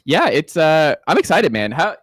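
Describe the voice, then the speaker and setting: A man's voice: a little high, sing-song, no echo. Upbeat man, sports radio host, dry studio sound. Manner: upbeat, quick, with fillers. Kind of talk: casual sports radio talk. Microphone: studio microphone.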